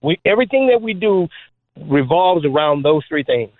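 A man who is a former trick basketball player, guest on an interview show, telling stories in an animated, joking way with many fillers. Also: on the high side, moderate pace, no echo. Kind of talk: storytelling interview talk. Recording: phone-like dry line.

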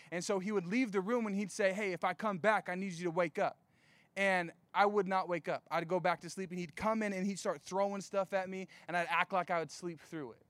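A young man giving a casual sermon, reading scripture and telling jokey stories, slowing down to stress key points. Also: high-pitched, dry recording. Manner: conversational, jokey asides, slows down for emphasis.

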